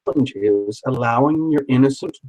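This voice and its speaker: A man's voice: medium pitch, moderate pace, darkish tone, dull audio. A man doing a live tarot reading, chatty and encouraging, who repeats words for emphasis. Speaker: tarot reader.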